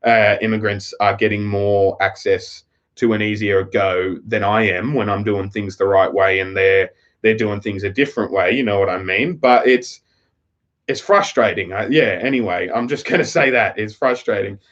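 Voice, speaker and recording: A man's voice: on the low side, fairly even intonation, moderate pace, a bit bright. A man with an Australian accent chatting on a live stream, telling a rambling, profane story. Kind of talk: casual live-stream chat. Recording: slightly dull lo-fi audio.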